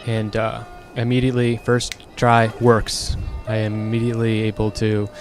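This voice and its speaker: A man's voice: on the low side, monotone, moderate pace, faint music behind. A young man telling a personal story in a casual, frank monologue, exasperated and swearing freely. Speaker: streamer.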